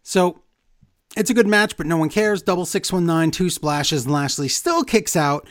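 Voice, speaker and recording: A man's voice: a little high, lively intonation, normal speed, a bit bright. A man co-hosting a casual chat, recapping events with sarcastic asides and mocking impressions. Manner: sarcastic, reads out lines in mocking voices. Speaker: podcast co-host recapping wrestling.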